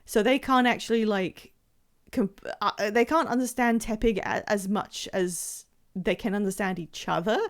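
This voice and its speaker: A woman's voice: medium pitch, fairly even intonation, unhurried. A woman streamer chatting casually while playing a game, rambling with many fillers and restarts.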